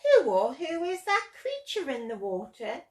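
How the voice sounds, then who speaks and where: A woman's voice: high voice, wildly swooping pitch, a little slow, full character voice. A woman voicing a timid, lonely young male dinosaur in a read-aloud picture book, crying out his lines. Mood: worried. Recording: roomy echo.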